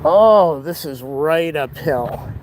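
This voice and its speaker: A man's voice: on the high side, lively intonation, slow. Winded man ranting on a walk. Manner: ranting, opinionated, talks while walking. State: out of breath from walking uphill. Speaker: vlogger. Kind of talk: rambling walking vlog. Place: outdoors on city streets. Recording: faint street noise outdoors.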